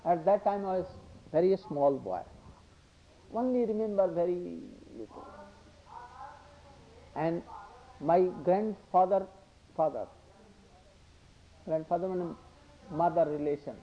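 An older man giving a devotional discourse, halting and repetitive, slipping into Hindi asides. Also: high voice. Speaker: religious speaker. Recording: dull lo-fi recording.

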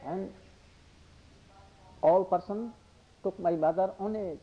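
An older man giving a devotional discourse, halting and repetitive, slipping into Hindi asides. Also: sits high. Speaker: religious speaker. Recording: dull lo-fi recording.

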